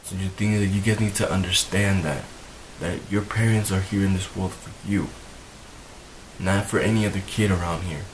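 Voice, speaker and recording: Young male vlogger, deep and monotone, emotional and rambling, faint hiss on the track. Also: normal speed, poor audio. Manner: emotional, rambling, repeats himself. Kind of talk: earnest talk to camera.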